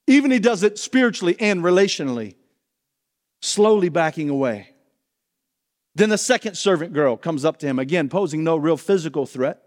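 A man's voice: a little high, expressive, normal speed, big-room sound. A man preaching a sermon as pastor, earnest and asking his listeners pointed questions.

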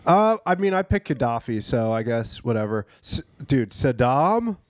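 A man co-hosting a podcast, trading crude, excitable jokes in casual banter. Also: medium pitch, moderate pace, no room sound, clean studio sound. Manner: crude, excitable, swears a lot. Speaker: podcast co-host.

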